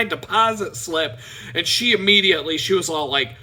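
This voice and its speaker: A middle-aged man telling a personal story on his vlog, animated and playful. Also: on the high side, normal speed. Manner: animated, playful, mimics people in quotes. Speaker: vlogger.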